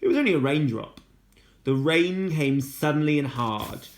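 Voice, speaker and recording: A man reading a children's novel aloud as a teacher, steady and unhurried, with casual asides when he slips. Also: fairly high pitch. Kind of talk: storybook read-aloud.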